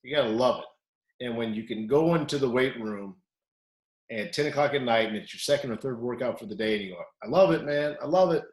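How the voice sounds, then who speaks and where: A man, a wrestling coach, telling stories in casual chat and loudly acting out what people said. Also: medium pitch, a little fast. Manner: animated, acts out quotes loudly. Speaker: wrestling coach, podcast co-host. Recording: echoey room.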